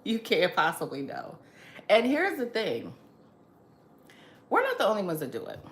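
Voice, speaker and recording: A woman's voice: medium pitch, huge pitch swings, moderate pace, a bit bright, reverberant. A woman hosting her own show, giving an emphatic opinion monologue and repeating her points to drive them home. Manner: emphatic, repetitive, lecturing. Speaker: host.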